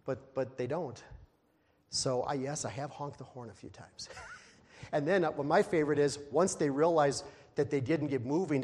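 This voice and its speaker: Pastor, male, slightly high voice, animated sermon delivery with laughing asides, recorded with long hall reverb. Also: moderate pace. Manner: animated, acting out exasperated quotes with sudden loud high outbursts; laughs at himself while talking.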